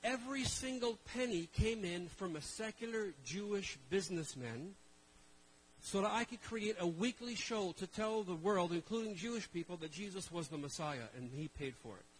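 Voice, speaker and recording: Poor audio with a faint hiss or hum captures a middle-aged man, a traveling minister, giving an expressive sermon at normal speed. His voice is high, and he talks to the live congregation conversationally, using self-deprecating humor and rhetorical questions.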